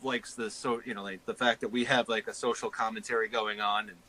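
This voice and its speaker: Bright-voiced rambling man. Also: on the low side, flat delivery, a little fast, slight background noise, low-quality recording. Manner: rambling, self-amused, laughs often. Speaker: co-host. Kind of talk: casual podcast banter.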